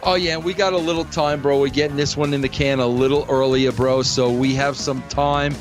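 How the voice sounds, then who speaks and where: Blunt podcast host who keeps saying bro. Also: male voice, mid-range voice, brisk, over music. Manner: blunt, animated, says "bro" often. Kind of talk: casual podcast talk.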